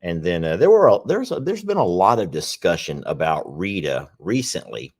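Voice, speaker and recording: A man co-hosting a casual chat, rambling and repeating himself, with sudden high exclamations. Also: very animated, moderate pace. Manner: rambling, repeats phrases, jumps up in pitch when exclaiming. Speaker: co-host of a horse sanctuary livestream.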